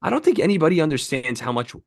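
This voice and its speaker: A man's voice: on the high side, very animated, rapid-fire, creaky, no room sound, clean studio sound. A man co-hosting a podcast, ranting heatedly and swearing a lot in casual chat. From United States. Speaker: podcast co-host.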